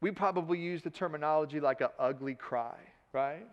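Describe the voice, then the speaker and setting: High-voiced pastor preaching in a hall. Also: male voice, a little fast, lo-fi sound. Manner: animated, acts out Peter's lines in a casual modern voice; repeats words when excited. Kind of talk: sermon. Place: church sanctuary.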